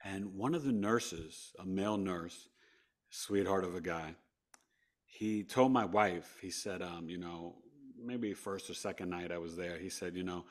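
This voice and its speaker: A man from New York, a podcast guest, telling a personal story with big swings between hushed and loud delivery. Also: low voice, a little slow.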